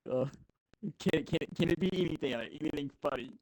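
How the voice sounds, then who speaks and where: A man's voice: a little high, a little fast, darkish tone, no echo, low-quality recording. A man as a podcast guest telling a rambling, casual story, with restarts and chuckles.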